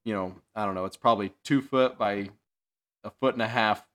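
A low-voiced man co-hosting a casual podcast. He explains things at an easy pace and often chimes in on his friend's stories. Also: fairly quick, a bit bright. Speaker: podcast co-host. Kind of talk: casual chat.

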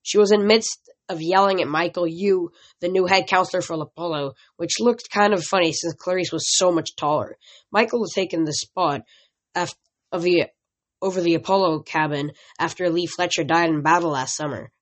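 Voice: mid-range voice, normal speed. Amateur audiobook reader, plain delivery, occasional stumbles, first-person novel.

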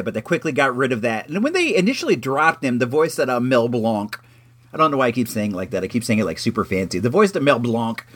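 A man's voice: mid-range voice, a bit bright. A man hosting an internet radio show, chatting casually in a rambling way with many fillers. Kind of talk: casual radio segment monologue.

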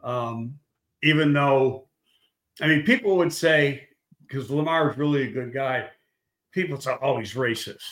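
A man's voice: mid-range voice, a little slow, fairly bright tone. Older man, blunt, rambling, swears freely, echoey room. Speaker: guest, former football scout. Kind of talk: casual storytelling chat.

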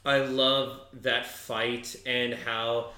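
A man co-hosting a podcast, chatting casually in a hesitant, halting way. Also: medium pitch, little pitch movement, bright, forceful tone. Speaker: podcast co-host. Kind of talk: casual chat. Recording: echoey room.

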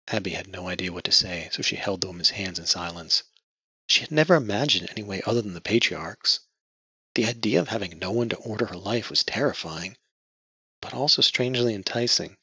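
A man narrating an audiobook in a measured storytelling voice. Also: low-pitched, pushed and bright, breathy edge, no echo. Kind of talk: scripted narration. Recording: dull lo-fi dry audio.

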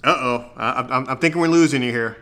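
A male host talking in a relaxed, meandering way, his voice bright and forward. He chats casually with a guest on his own show. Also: mid-range voice, brisk. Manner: relaxed, rambling descriptive talk. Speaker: podcast host. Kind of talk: casual chat.

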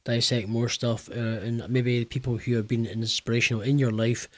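A man hosting an interview, talking in a relaxed, rambling way with hesitations. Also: medium pitch, moderate pace, no room sound. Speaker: podcast host. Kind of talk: casual interview.

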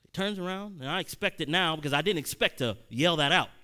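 A man in his thirties tells a personal story as a sermon, slipping from easy conversation into loud, emphatic peaks. His voice is bright and ringing, pitched a little high for a man, with frequent stammered restarts. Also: quick pace. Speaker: preacher.

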